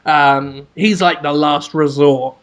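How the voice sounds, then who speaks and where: Guy on a podcast, high voice, goofy sweary riff, keeps yelling bits. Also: takes it slowly, smooth. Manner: animated, sweary, bursts into shouted mock proclamations. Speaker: podcast co-host. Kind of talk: casual comedic storytelling.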